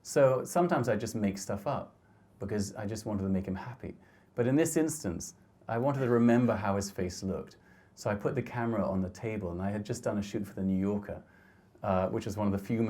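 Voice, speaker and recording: A middle-aged man giving a reflective talk about his photographs, speaking gently and haltingly with frequent restarts. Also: on the low side. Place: lecture hall.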